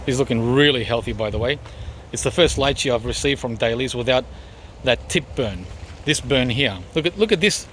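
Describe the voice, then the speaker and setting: A gardening vlogger walks through his backyard garden, chatting casually and rambling with frequent ums as he points things out. His medium-pitched voice has a fairly bright tone and a moderate pace, with a little hiss or hum in the recording.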